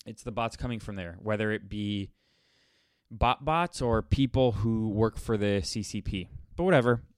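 A man's voice: fairly low pitch, clear, resonant tone, dry recording, clean studio sound. A man hosting a casual solo podcast, talking bluntly and rambling with frequent restarts. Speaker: podcast host.

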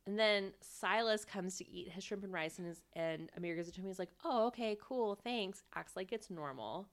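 A woman's voice: on the low side, brisk, fairly bright tone. A woman co-hosting a podcast, chatting casually and animatedly, laughing often and acting out what people said. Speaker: podcast co-host. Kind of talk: casual recap chat.

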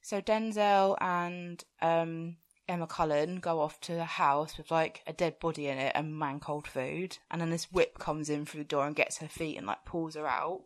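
A woman's voice: sits low, steady tone, moderate pace, few pauses. A woman co-hosting a podcast, recapping a film in casual, giggly chat and swearing freely. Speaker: podcast co-host.

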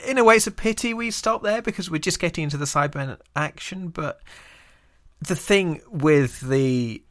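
A man's voice: fairly high pitch, normal speed. A man co-hosting a podcast, chatting casually and wryly explaining details of an old TV episode. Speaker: podcast co-host. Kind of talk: casual chat reviewing a TV episode.

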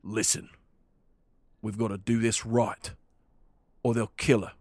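A man voicing a calm, steady male leader who reassures and steadies others. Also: lowish voice, measured pace, no echo. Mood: firm.

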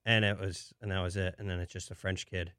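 A young man on a casual show, telling stories in a relaxed way and laughing often. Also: deep voice, quick pace, clean tone, no echo, clean studio sound. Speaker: show regular. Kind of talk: casual chat.

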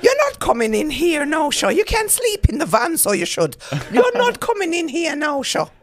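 A woman doing a loud, indignant impression of an older Irish woman who has waited up all night. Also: high voice, sing-song, normal speed, crowd noise, voice pushed up. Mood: scolding.

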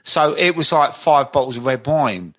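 A man's voice: a little high, animated, normal speed, a bit bright. A man hosting a podcast, telling anecdotes in a chatty way and often checking in with "right?". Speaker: podcast host. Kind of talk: candid podcast conversation.

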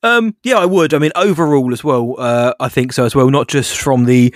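Man, podcast co-host, measured talk, mid pitch, dry recording. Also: no echo. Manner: measured, even-handed, calls his co-host mate. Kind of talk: casual podcast chat.

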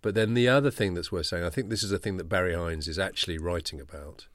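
Man, very deep voice, dry close sound, thoughtful, explains at length. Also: fast talker, fairly bright tone, dry recording. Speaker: podcast co-host. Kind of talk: casual chat.

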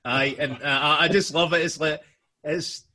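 A man co-hosting a casual music podcast, blunt and quick to agree or chime in. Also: fairly high pitch, steady tone, a loud crowd.

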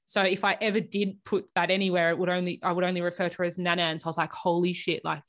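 A woman's voice: lowish voice, level tone, racing. Chatty woman co-hosting a podcast. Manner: chatty, emotional, peppered with "like" and swearing. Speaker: podcast co-host. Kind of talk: casual podcast chat.

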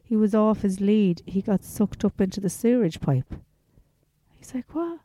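An Irish woman co-hosting a podcast, telling an animated story in casual chat and acting out the voices of the people in it. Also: mid-range voice, normal speed. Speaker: podcast co-host.

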